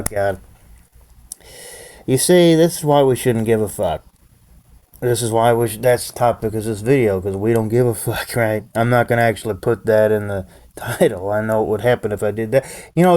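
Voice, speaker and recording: A man's voice: mid-range voice, darkish tone. A man giving a profane, repetitive rant in his own vlog, often chuckling to himself. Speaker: vlogger. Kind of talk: ranting monologue to camera.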